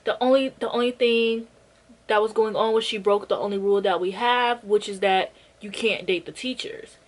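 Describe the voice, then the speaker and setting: A woman's voice: medium pitch, steady tone, moderate pace, natural voice. A woman voicing her bubbly, hyper young roommate character in a chirpy, gossipy way. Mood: chatty.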